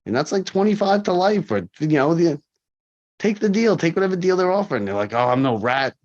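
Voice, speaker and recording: A man in his forties, a corrections officer, telling stories in a casual interview, animated and full of fillers. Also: high voice, fairly quick. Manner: animated, acts out quoted people, frequent fillers. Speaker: corrections officer, podcast guest. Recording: dull lo-fi podcast audio.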